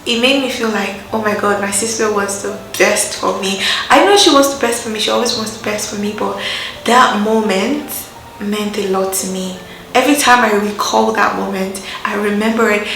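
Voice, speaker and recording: A young woman with a Nigerian accent telling a personal story to her viewers in a lively, chatty way, acting out the voices she quotes. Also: mid-range voice, normal speed, echoey room, a little hiss or hum, rough recording. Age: young adult. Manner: animated, acts out quoted voices, laughs often. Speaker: vlogger. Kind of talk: casual storytelling to camera.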